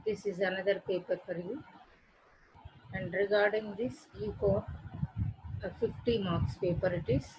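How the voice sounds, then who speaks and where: A woman's voice: medium pitch, fairly even intonation, a little slow, pauses often, darkish tone, slight background noise, low-quality recording. A woman teacher gives a classroom lecture that walks students through a syllabus. She repeats her points and explains them with simple examples. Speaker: college English teacher.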